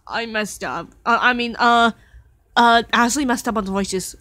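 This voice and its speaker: A woman's voice: on the high side, moderate pace, sharp tone, no room sound, studio quality. A woman giving casual, blunt and mocking reaction commentary on a video.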